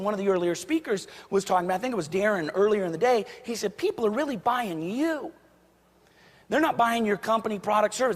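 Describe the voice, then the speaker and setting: A man giving a motivational talk to an audience, telling stories and acting out quoted voices. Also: high voice. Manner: storytelling, acts out quoted voices. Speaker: motivational speaker. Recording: long hall reverb.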